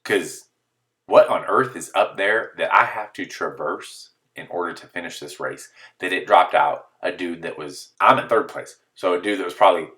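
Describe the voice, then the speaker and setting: A man's voice: sits low, moderate pace, distant mic. A man telling a comedic story in a monologue, full of exaggerated disbelief and acted-out quotes. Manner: animated, exaggerated disbelief, acts out quoted voices.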